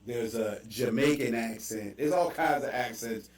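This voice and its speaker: A man with a Baltimore accent hosting a casual chat, telling animated stories with quick asides. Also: mid-range voice, distant mic. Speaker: podcast host. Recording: echoey room, voice off mic.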